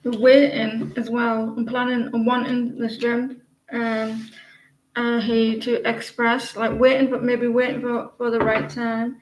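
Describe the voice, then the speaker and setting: An English woman reads tarot cards live, her voice sitting a little high. She halts and restarts often, filling gaps with ums. The room around her rings with echo and faint ambient hum. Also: level tone. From England. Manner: halting, many fillers and restarts. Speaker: tarot reader. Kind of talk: live-stream tarot reading.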